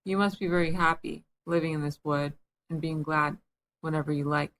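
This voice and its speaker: A woman reading the part of a polite, curious seven-year-old girl in a storybook, earnest and gentle in manner. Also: deep voice, steady tone, normal speed.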